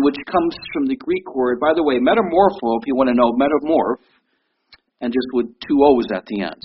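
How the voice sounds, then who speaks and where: In a dull lo-fi recording with faint background noise, a man in his fifties delivers a sermon in a conversational style. His medium-pitched voice has lively intonation at a normal speed, and he tends to repeat words and pose questions to his audience.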